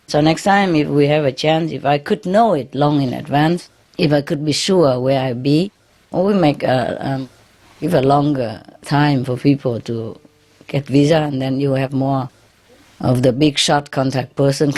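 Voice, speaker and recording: A woman with a low voice gives an informal spiritual talk to her followers. She is chatty and laughs often, tags her phrases with "yeah?", and speaks English as a second language with many fillers and restarts. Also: darkish tone. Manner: non-native English grammar, frequent fillers and restarts. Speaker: spiritual teacher.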